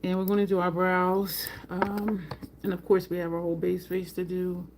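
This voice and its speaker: A woman's voice: lowish voice, moderate pace. Woman doing a makeup live, chatty, greets viewers by name, bit of background hiss. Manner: chatty, talks to viewers by name, voice leaps up when excited. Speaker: makeup livestream host. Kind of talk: casual makeup livestream chat.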